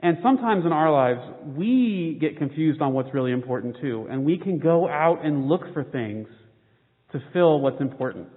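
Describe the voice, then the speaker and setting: A man giving a children's sermon, reading a picture book aloud before turning to the day's scripture. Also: moderate pace. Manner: animated read-aloud. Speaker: pastor. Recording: phone-like boomy hall sound.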